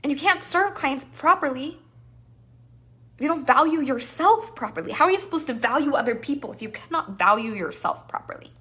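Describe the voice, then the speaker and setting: A woman coach runs a live masterclass with a high, bright, forceful voice. She is animated and playful and slips into quick acted-out inner voices to make her points. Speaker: business coach.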